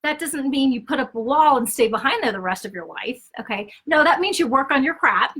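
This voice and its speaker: Woman speaker, bright and a little high-pitched, conversational relationship teaching with frequent check-ins. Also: animated, a little fast. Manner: acts out quoted dialogue with shifts in tone. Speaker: Christian speaker and author.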